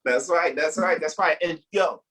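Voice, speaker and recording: A man emceeing a comedy show in a loose, animated way, hyping up the crowd between acts. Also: fairly high pitch, normal speed, poor audio.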